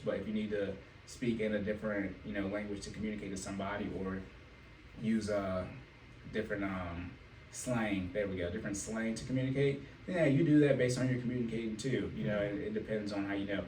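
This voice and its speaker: A man hosting a casual podcast and working as a financial coach, telling animated stories and laughing often. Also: on the low side, a little fast. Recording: echoey room, mic at a distance, faint noise.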